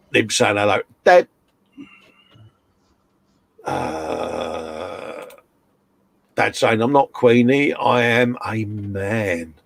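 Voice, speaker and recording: A man's voice: on the low side, creaky. Chatty man reading chat. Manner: chatty, reads chat messages aloud, laughs often. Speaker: host reading out live chat. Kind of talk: casual live-stream chat.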